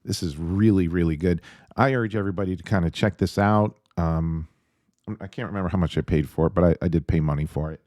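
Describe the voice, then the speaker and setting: Male home reviewer, deep, chatty, excited, rambles with fillers; dry close sound. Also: a little fast, dry recording. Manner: rambling and enthusiastic, with many fillers. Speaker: tabletop game reviewer. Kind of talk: casual video review. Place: at home with his dog nearby.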